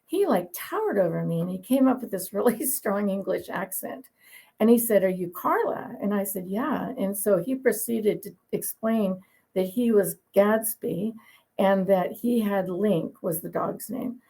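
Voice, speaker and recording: Gravelly, husky-voiced woman breeder. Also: medium pitch, unhurried, warm tone, low-quality recording. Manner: chatty, opinionated, laughs while telling anecdotes. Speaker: dog breeder guest. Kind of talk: conversational interview storytelling.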